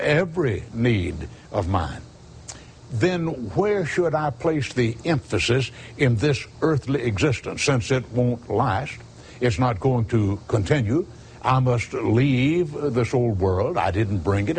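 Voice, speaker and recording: Animated preacher man quoting scripture. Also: medium pitch, a little hiss or hum. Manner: animated, quotes scripture with chapter and verse. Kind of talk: sermon.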